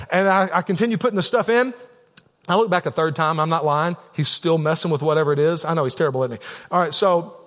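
A man's voice: sits high, fairly bright tone. A man preaching a sermon as a pastor, telling a candid personal story with frequent asides to the congregation. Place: church sanctuary. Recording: long reverb of a church hall.

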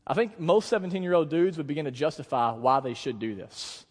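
A male pastor preaching a sermon in an animated storytelling manner, acting out the scenes as he goes. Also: on the high side, fairly quick. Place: church sanctuary. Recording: long church reverb.

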